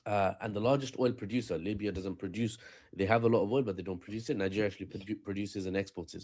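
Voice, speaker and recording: A man's voice: lowish voice, darkish tone. A man giving a joking commentary on world affairs in a video clip, with wry asides. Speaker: online commentator.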